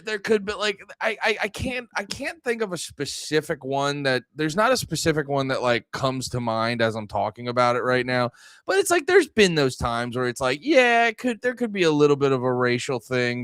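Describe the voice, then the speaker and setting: A man hosts a livestream and rants angrily, swearing often and stumbling through restarts. His mid-pitched voice is smooth and full. The sound is dry and close to the mic. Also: fairly bright tone, dry recording. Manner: angry, profane, rambling with frequent restarts. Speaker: livestream podcast host. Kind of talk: ranting livestream talk.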